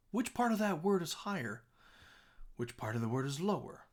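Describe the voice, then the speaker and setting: A man teaching a music composition lesson, repeating words aloud to show their pitch and often checking in with "okay?". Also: quick pace. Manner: animated, sing-song emphasis. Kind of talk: recorded classroom lesson.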